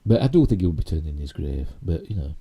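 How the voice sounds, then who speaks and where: A man's voice: extremely low pitch, very animated, fast talker, husky, dull audio. A man with a Yorkshire accent hosting a casual live stream, rambling through geek news with lots of "you know" and tag questions. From Yorkshire, England.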